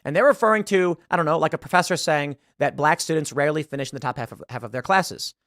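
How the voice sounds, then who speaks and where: A man's voice: on the high side, quick pace, fairly bright tone, dry recording, studio quality. A man giving emphatic online commentary, often repeating words as he pushes his points. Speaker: political commentator.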